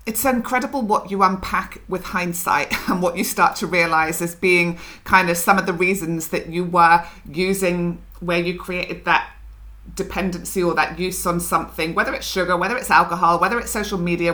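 Bright-voiced woman telling her story frankly. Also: on the low side. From Scotland. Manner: reflective, frank, laughs through her story. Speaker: guest. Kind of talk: candid conversational storytelling.

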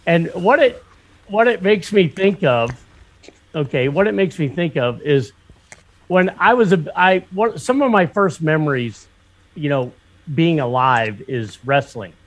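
A fairly high-voiced man from Pennsylvania spins a long, rambling story in casual conversation. He swears freely and tumbles through fillers and restarts as he goes. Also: expressive, a little slow. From northwestern Pennsylvania. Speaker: motorcycle shop owner. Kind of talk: casual storytelling in a podcast chat.

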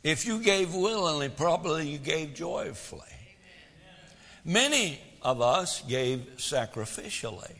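A man's voice: fairly high pitch, expressive, unhurried, fairly bright tone, in a large hall. A man preaching a sermon as pastor, folksy, full of rhetorical questions, swelling and dropping for drama.

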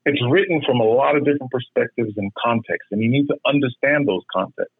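A man leading a Bible study, explaining and correcting in a measured, patient way. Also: mid-range voice, gravelly, slightly rough, no echo. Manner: measured, explanatory, repeats words when correcting. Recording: muffled phone-line sound.

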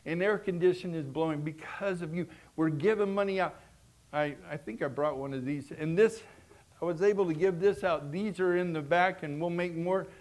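A man with a notably high voice preaches a sermon to his congregation. He is lively and animated, often restarting his sentences and dropping from loud bursts into quiet, hushed asides. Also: moderate pace. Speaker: pastor.

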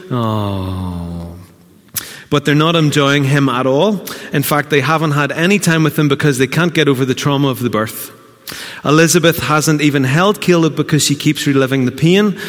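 Northern Irish male pastor preaching with fervor, loud then hushed, in a reverberant church. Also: fairly high pitch. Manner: impassioned, shifting from loud exclamations to hushed asides. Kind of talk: sermon. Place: church hall.

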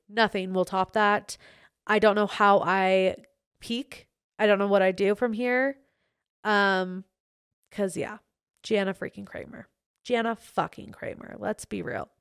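A young woman hosting a solo podcast, chatting in an excitable, gushing way. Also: medium pitch, clear, resonant tone, no room sound, studio quality. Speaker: podcast host.

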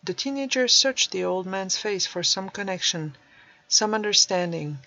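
Brief: woman reading a story in a measured voice of middle pitch, dry close recording. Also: expressive, sharp tone, dry recording, dull audio. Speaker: audiobook narrator. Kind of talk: scripted storybook narration.

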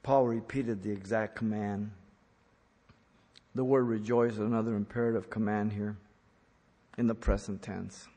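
A man's voice: lowish voice, fairly even intonation, normal speed, pauses often, dark tone. Man preaching a sermon in a reverberant hall. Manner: earnest, repeats for emphasis. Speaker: pastor.

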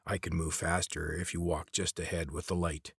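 A man voicing a wary, weary grown male traveler in a storybook reading, talking low and guarded. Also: level tone, moderate pace, slightly rough, dry recording, studio quality.

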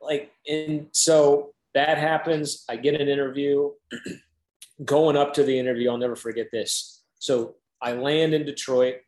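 Guy in his 30s telling a story, says like a lot, average pitch, kinda echoey room. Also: darkish tone. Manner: chatty, peppered with "like", acts out quoted dialogue. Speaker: interview guest. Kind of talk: casual storytelling.

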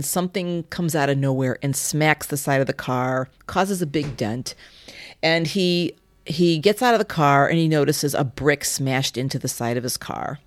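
A woman who runs a yoga studio, telling a story in an animated way on a podcast. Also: sits low, no room sound. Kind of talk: casual storytelling chat.

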